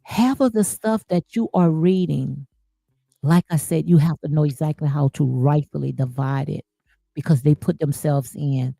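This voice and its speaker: A woman's voice: sits low, moderate pace, gravelly, warm tone, no room sound. A woman giving impassioned spiritual commentary, preachy and emphatic, repeating phrases for emphasis. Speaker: commentary host.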